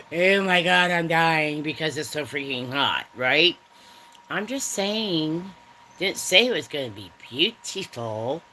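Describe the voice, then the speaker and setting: A woman's voice: on the low side, pushed and bright, slight background noise, low-quality recording. A woman hosting a casual livestream chat from home, talking straight to her viewers in a rambling, chatty way. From Germany. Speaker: livestream host.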